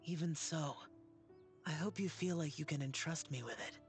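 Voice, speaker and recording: A man voicing an earnest young male companion for a game, gentle and reassuring. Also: fairly high pitch, normal speed, faint music behind, lightly acted.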